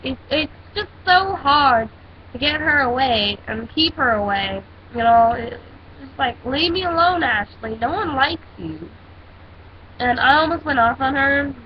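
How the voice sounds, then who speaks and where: A teenage girl vlogger rants casually, telling a story in a sassy, dramatic way. Her voice is high and measured in pace, and the recording is dull lo-fi with a faint hiss.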